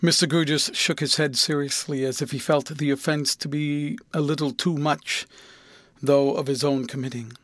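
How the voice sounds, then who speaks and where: A man reading a classic novel aloud with a measured, even delivery. His voice sits slightly high for a man. The recording is dry and close, with no room sound. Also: no room sound. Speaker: audiobook narrator. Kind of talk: scripted narration.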